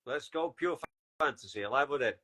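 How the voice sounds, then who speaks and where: A man's voice: mid-range voice, lively intonation, brisk, sharp tone. A man hosting a podcast, asking questions hesitantly with lots of fillers and laughter. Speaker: podcast host. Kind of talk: casual podcast chat.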